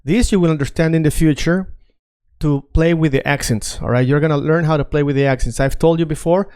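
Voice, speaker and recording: A man's voice: a little high, fairly quick, darkish tone, clear, resonant tone. Man teaching Spanish drills, repeating phrases. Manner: repeats drill phrases many times, asks viewers to say them along; often checks in with "right?" and "okay?". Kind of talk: video language lesson.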